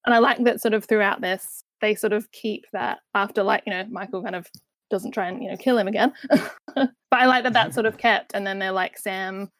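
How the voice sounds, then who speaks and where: A woman talks casually about a film, piling up "like" and "you know" as she retells scenes. Her voice sits at a middle pitch. The recording is dry and close, with no room sound. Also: fairly even intonation, brisk, fairly bright tone, dry recording. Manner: chatty, lots of "like" and "you know".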